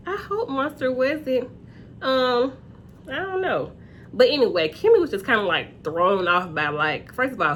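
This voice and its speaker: Animated woman recapping a reality show. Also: a little slow, a little hiss or hum. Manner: chatty, animated, acts out quotes in high voices. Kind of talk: casual episode recap.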